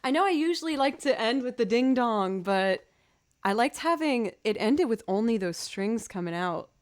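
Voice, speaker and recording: A woman's voice: fairly high pitch, expressive, moderate pace. A woman music streamer in casual live-stream chat, rambling, chatty and self-deprecating.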